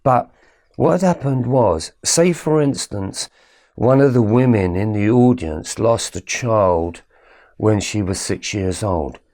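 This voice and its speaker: A middle-aged man recounting a personal story with animated storytelling, growing quiet and low at emotional moments. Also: takes it slowly. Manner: animated storytelling with quoted exchanges. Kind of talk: personal story told to camera.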